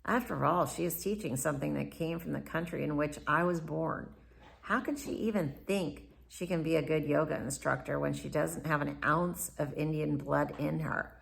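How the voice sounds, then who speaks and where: A woman's voice: low voice, gravelly, fairly bright tone. A woman reading her own memoir aloud, in first-person narration, in a reflective and candid manner. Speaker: memoir author.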